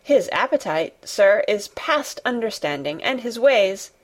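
A woman's voice: mid-range voice, very animated, measured pace. A woman reading the part of a flustered, fussy middle-aged housekeeper who explains breathlessly to her master. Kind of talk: audiobook character reading.

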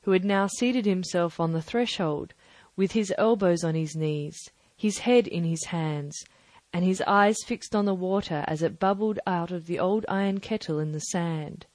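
A woman narrating a classic adventure novel aloud, measured and even. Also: lowish voice, no echo. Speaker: audiobook narrator. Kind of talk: scripted narration.

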